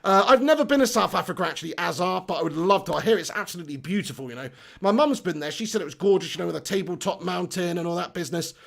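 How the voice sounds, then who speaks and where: A man's voice: sits high, animated, racing, vocal fry. A man hosting a football live stream, reading out chat comments in an upbeat, chatty way and laughing at himself.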